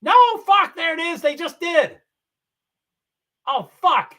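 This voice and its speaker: A man hosting a livestream, giving rambling, chatty commentary on a car race and swearing when he gets excited. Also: extremely high pitch, takes it slowly. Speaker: livestream host. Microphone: computer mic on a streaming call.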